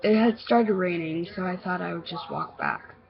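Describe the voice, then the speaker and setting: A woman narrating a homemade horror story, halting and stammering with many restarts. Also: fairly low pitch, gravelly. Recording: dull lo-fi recording.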